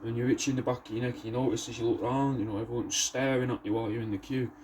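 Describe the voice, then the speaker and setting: A man, rambling through a deadpan sales pitch for his taxidermy art, slangy and swearing, saying "mate" a lot. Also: fast, slight background noise. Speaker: taxidermy artist showing his work.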